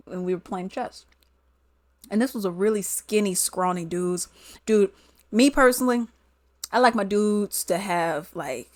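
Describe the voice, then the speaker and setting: A woman vlogger chatting casually through a storytime, animated and quick to laugh. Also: medium pitch, no room sound.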